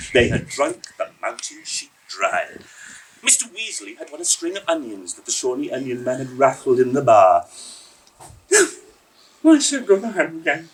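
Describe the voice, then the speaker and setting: A man performing a story for a live audience, rhythmic and expressive, savouring every word. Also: mid-range voice, far from the mic, a little hiss or hum, low-quality recording. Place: indoor evening storytelling event.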